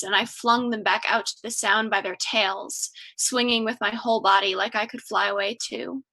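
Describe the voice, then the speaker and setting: Bright-voiced Long Island woman reading. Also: fairly high pitch. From Long Island, New York. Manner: measured, lyrical delivery. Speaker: graduate writing student. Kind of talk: reading her own prose aloud.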